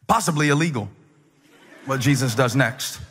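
A man in his forties preaching a sermon as a pastor, telling stories with humor and building up to shouted climaxes. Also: mid-range voice, normal speed, breathy edge, big-room sound. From United States. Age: 40s.

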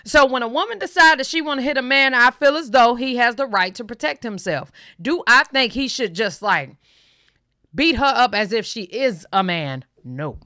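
A woman's voice: a little high, expressive, normal speed, pushed and bright, no room sound, clean studio sound. A woman hosting a reaction channel, giving blunt, opinionated commentary.

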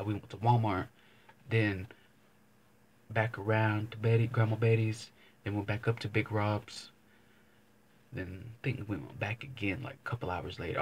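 A man's voice: lowish voice, a little hiss or hum. A young man vlogging, telling a casual story to camera, rambling and swearing, often circling back with "but anyways.". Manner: rambling, profane, keeps saying "but anyways".

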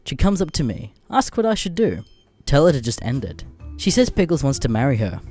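A man narrating comedic internet stories with crude, deadpan asides, a little under the weather. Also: mid-range voice, brisk, soft background music. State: a bit sick.

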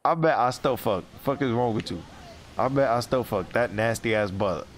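A young man streaming outdoors on a city street with a headset, loud and laughing, teasing people in heavy slang. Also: mid-range voice, moderate pace, slight background noise. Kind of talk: street livestream banter.

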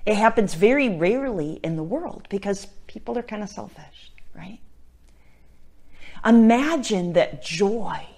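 Earnest woman speaking on faith. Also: medium pitch. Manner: earnest, tags points with "right?"; moves between emphatic and hushed, near-whispered delivery. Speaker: Catholic missionary and speaker. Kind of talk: spoken reflection on faith.

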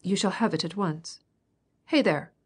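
A woman's voice: lowish voice, normal speed, a little mellow, breathy edge. A woman voicing a jovial, blustering older count who gives bluff, hearty commands.

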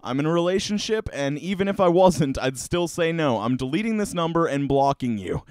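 A man's voice: a little high, lively intonation, fairly quick, a little mellow, smooth, dry recording, clean studio sound, natural voice. A man reading the part of a fed-up young man who answers bluntly and dismissively.

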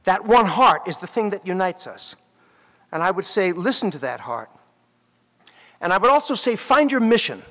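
Man giving a commencement speech, high voice, lively storytelling, long hall reverb. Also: moderate pace, pauses often. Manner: animated storytelling, addressing graduates directly. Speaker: commencement speaker; actor. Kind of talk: graduation speech. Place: graduation ceremony.

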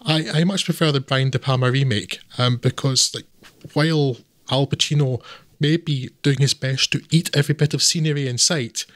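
Male podcast reviewer, mid-pitch, blunt and scathing, dry close sound. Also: fairly even intonation, moderate pace, fairly bright tone, no echo. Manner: blunt and scathing, laughs often. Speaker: podcast co-host, film reviewer. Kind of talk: casual podcast film review.

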